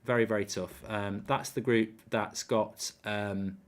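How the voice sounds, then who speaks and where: A man's voice: fairly low pitch, fairly even intonation, unhurried. A man hosting a live football watchalong, chatting casually, reading out viewer comments and rambling with repeated words.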